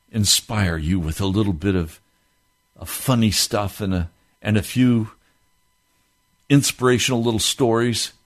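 A man preaching a sermon with impassioned delivery, from the United States, rising into fervent outbursts. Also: lowish voice.

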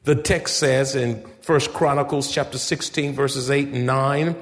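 Unhurried yet with hardly any pauses, a man with a medium-pitched, fairly even voice preaches a sermon as pastor. The church sanctuary's reverb echoes around him as he emphatically addresses his congregation and peppers them with rhetorical questions.

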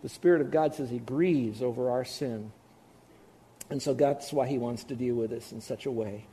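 A man preaching a sermon as pastor, animated, shifting between loud emphasis and hushed, tender asides. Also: medium pitch, normal speed.

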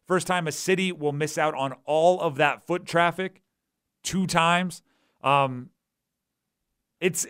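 Animated higher-voiced male radio host. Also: smooth. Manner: animated, acts out quoted voices. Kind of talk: sports talk radio.

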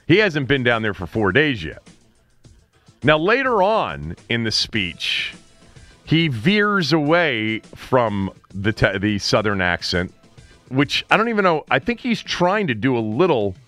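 Animated chatty male sports radio host. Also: medium pitch, a little slow, soft background music. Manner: chatty, animated, laughing asides. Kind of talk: casual sports talk.

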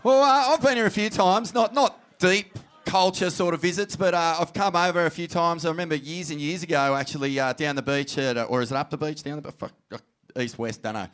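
Higher-pitched Australian man, hyped. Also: brisk, a bit bright, soft background music. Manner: hyped, swearing, with hesitant fillers when reminiscing. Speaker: comedy podcast co-host. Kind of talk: crude comedic surfer banter.

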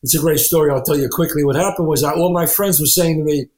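Man, actor-writer guest, lively storyteller, slightly high voice, roomy echo. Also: fast talker. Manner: animated anecdotes, acting out quoted voices. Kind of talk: storytelling interview.

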